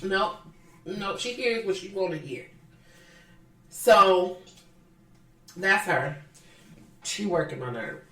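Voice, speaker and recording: A woman co-hosting a casual podcast, gossiping about a reality show with plenty of swearing and quick impressions of the people she talks about. Her voice sits at a middle pitch. She is recorded off the mic in a room with a strong echo. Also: far from the mic. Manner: animated, profane, mimics people in quotes. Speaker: podcast co-host. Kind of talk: casual chat recapping reality TV.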